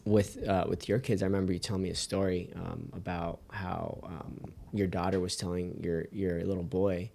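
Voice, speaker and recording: A man's voice: deep voice, flat delivery, normal speed, creaky, hardly any pauses, warm tone, a little hiss or hum. A young adult man hosting an interview podcast, chatting casually and rambling with many fillers and restarts. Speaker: podcast host.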